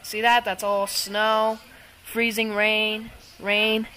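A woman filming an excited, rambling weather vlog outdoors in a storm, stumbling over words with lots of fillers. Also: mid-range voice, slow, poor audio. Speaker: amateur weather vlogger.

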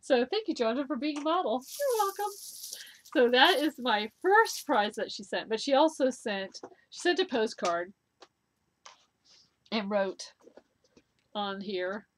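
A woman's voice: on the high side, animated, unhurried, pauses often, fairly bright tone, slight background noise. A middle-aged woman hosting a knitting video podcast, chatting to camera in an enthusiastic, gushing way with many ums and laughs. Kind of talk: casual chat to camera.

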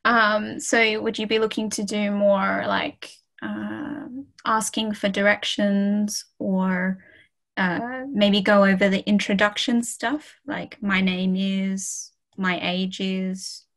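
Woman tutor, unhurried and chatty, filler-heavy casual delivery, video call audio. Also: mid-range voice, level tone, a bit bright, low-quality recording. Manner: slow, friendly, many ums and okays. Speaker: French tutor. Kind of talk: casual online language lesson.

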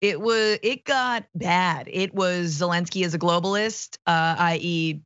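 A woman's voice: lowish voice, a little slow, a bit bright, dry recording, dull audio. A woman co-hosting a political talk show, joking and using slang in casual banter. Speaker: regular co-host.

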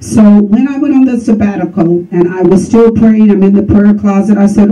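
A woman telling her story with lively energy, slipping into quoted dialogue as she goes. Her voice is mellow and warm. It is picked up from a distance, so it sounds a little removed. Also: mid-range voice, moderate pace, hardly any pauses, highs cut off. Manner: lively, acts out dialogue and laughs often. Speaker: guest telling her testimony.

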